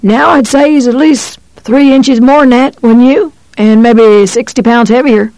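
A reader voicing an elderly white-haired country veterinarian who speaks in a calm, serene rural drawl in an audiobook. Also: mid-range voice, unhurried, no echo, pitched above the performer's own voice, natural voice, poor audio. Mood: grave. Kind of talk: audiobook character voice.

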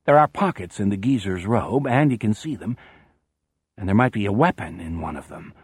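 Audiobook narrator: a man with a husky, lively read, measured pacing, dry close mic. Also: lowish voice, dry recording. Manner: measured storytelling, salty phrasing. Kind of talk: scripted narration.

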